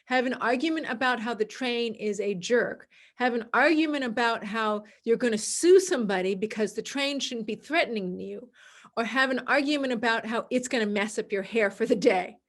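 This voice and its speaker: A woman hosting a podcast, explaining an idea calmly and repeating her key words, sometimes acting out other people's voices. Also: fairly high pitch, normal speed. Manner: acts out quoted voices in a dramatic, excited tone. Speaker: podcast host. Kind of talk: solo podcast talk.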